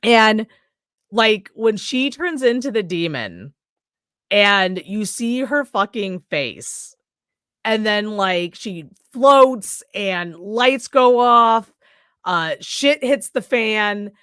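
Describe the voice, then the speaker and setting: A woman's voice: mid-range voice, lively intonation, drawn-out words, fairly bright tone, clean tone, no room sound, studio quality. A woman co-hosting a podcast, casually recapping a horror movie in a rambling way, swearing freely and acting out characters' lines. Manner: rambling, swears freely, acts out scenes in quoted voices. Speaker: podcast co-host. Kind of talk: casual movie review chat.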